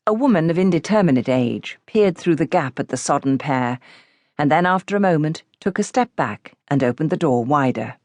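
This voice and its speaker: Rich: A woman reads a novel aloud in a measured, even storytelling manner. Her voice sits low. The studio sound is close and dry, with no room around it. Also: no room sound. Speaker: audiobook narrator. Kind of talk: scripted audiobook narration.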